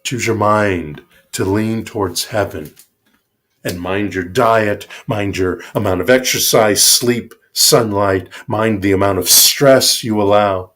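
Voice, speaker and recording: A male minister giving a sermon, speaking in a slow, reflective and emphatic way. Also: fairly low pitch, fairly bright tone.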